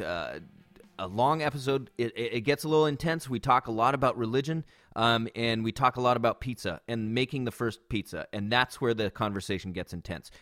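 A man in his thirties talks loosely into a close podcast microphone with a pop filter, with plenty of filler words and false starts. His pitch sits in an ordinary middle range. The sound is dry, with no room echo. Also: a bit bright. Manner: rambling, frequent fillers and restarts, swearing. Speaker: podcast host. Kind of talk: casual podcast monologue. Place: backyard. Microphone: studio microphone with pop filter.

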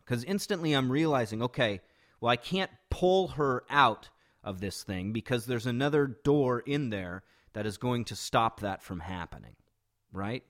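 A man's voice: mid-range voice, lively intonation, moderate pace, a bit bright. A man recounting a shocking street incident in a casual, conversational way, often restarting and adding "right?" asides. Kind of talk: personal storytelling.

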